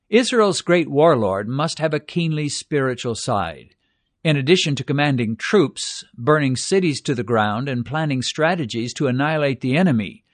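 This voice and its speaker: An older man preaching in a measured, earnest tone, giving a devotional Bible teaching. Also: mid-range voice, dry recording, studio quality.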